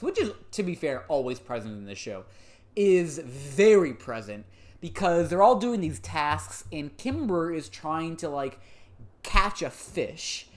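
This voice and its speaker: A woman with a low-pitched voice chats casually on a podcast, recapping an episode. Her delivery is deadpan and profane, yet her pitch moves around a lot as she acts out the story. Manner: profane, deadpan, lively retelling. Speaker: podcast co-host.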